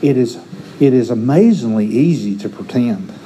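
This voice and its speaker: A middle-aged man preaches in a very dark, mellow voice. He speaks earnestly, often repeating a word as he restarts a thought. A faint hiss of air conditioning sits behind him. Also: mid-range voice, lively intonation, moderate pace, rough recording. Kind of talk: sermon with personal stories.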